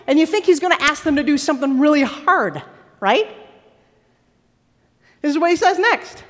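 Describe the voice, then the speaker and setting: Animated high-voiced woman preaching. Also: moderate pace, pauses often. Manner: animated, dramatic delivery. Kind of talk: sermon. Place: large worship hall. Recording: long reverb of a large hall.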